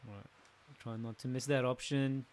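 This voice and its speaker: A man's voice: medium pitch, steady tone, moderate pace, a little hiss or hum. Chatty man commenting on a game. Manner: chatty, talks to viewers, jokes and laughs. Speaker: gaming channel host. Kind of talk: casual let's play commentary.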